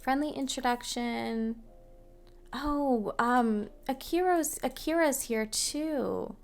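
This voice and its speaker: A young woman hosting a gaming channel offers casual, chatty commentary on a life-sim game, narrating every move and laughing often. Her voice sits high and her pace is slow.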